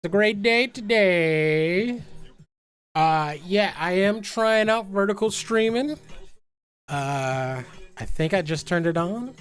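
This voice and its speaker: Male streamer, laid-back rambling chat, lively pitch, swears a lot. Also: slow, clear, resonant tone. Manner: rambling, swears freely, self-mocking. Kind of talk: casual gaming stream chat.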